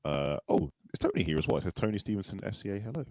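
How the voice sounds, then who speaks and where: Low gravelly-voiced man, fast and lively. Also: no echo. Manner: joking, quick, laughs often. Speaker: show host. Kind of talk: casual live-stream chat.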